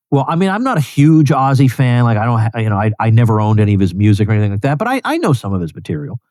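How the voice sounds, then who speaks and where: A man's voice: medium pitch, warm tone, no echo, studio quality. A man hosting a podcast, talking in an earnest, casual way with frequent restarts. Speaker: podcast host. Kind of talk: casual interview conversation.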